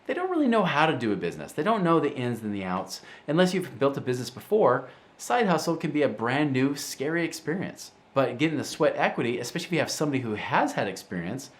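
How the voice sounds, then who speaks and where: Animated man with a lively voice. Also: medium pitch, fast talker. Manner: animated storyteller, acts out quoted voices. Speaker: show host. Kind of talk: casual talk to camera.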